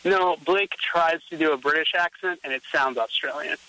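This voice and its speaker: Bright-voiced, upbeat male podcast co-host. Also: on the high side, no echo, rough recording. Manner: upbeat, quick and joking. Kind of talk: casual podcast chat.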